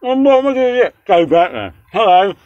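A man's voice: sits high, big pitch swings, fairly quick, darkish tone, no echo, lo-fi sound. A young man ranting as he reviews a takeaway meal, swearing constantly and rambling in exasperation, recorded indoors on a phone or camera held close. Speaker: vlogger reviewing takeaway food. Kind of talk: casual ranting food review.

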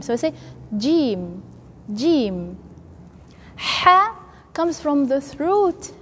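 A woman teaching Quran recitation and letter pronunciation, speaking in a patient, step-by-step way and repeating each sound for practice. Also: sits high. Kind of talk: slow instructional lesson with demonstrations. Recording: faint room noise, long reverb.

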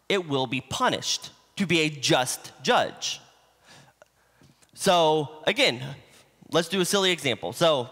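A man's voice: a little high, bright, forceful tone. A man preaching a sermon in a church, teaching in a conversational way with homespun examples. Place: church sanctuary. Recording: livestream in a reverberant church hall.

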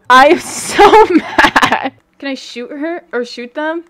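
A young woman giving casual livestream commentary while gaming, excitable and giggly, breaking into squeals and shrieks. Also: high voice, unhurried. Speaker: gaming streamer.

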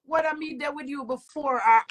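High-voiced Jamaican woman ranting. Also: fairly quick. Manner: agitated, repetitive, swearing. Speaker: vlogger. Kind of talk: emotional rant to camera.

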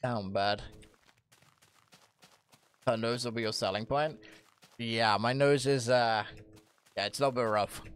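A man's voice: medium pitch, measured pace, pauses often, clear, resonant tone. A young man live-streaming a game, reading chat aloud and answering in a jokey, self-mocking way with plenty of swearing. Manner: jokey, self-mocking, swears a lot, bursts into loud laughs.

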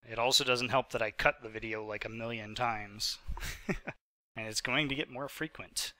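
A young man in his twenties talks through his gameplay in a loose, rambling way, full of fillers. He is sick and keeps hiccuping, and his voice sounds very bright and crisp. The recording is dry, with no room sound. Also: medium pitch, fairly even intonation, normal speed, dry recording. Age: 20s. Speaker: gaming channel host. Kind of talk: casual post-recorded gameplay commentary.

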